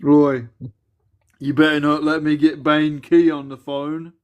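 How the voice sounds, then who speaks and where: A man's voice: on the high side, little pitch movement, unhurried, clean tone, lo-fi sound. A man, joking and laughing through casual banter as co-host of a live stream panel. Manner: laughs often, mocking teasing tone.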